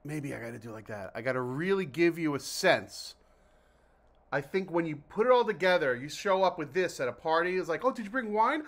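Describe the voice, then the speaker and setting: Male vlog host from New Jersey, slightly high voice, loose jokey rambling delivery. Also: animated, a little fast. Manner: chatty, jokey, self-interrupting. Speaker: vlog host reviewing mineral water. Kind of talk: casual rambling vlog talk.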